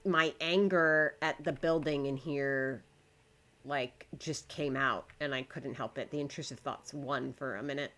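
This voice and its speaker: Her voice is very deep yet a bit bright. She's livestreaming while she builds, talking casually to both her audience and the game, and curses whenever it frustrates her.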